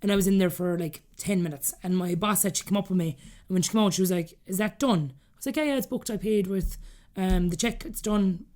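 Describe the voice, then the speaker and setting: A woman in her thirties with an Irish accent, a podcast guest telling her story candidly and acting out the things people said to her. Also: on the low side. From Ireland. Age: 30s. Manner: rapid, animated, acts out quoted dialogue.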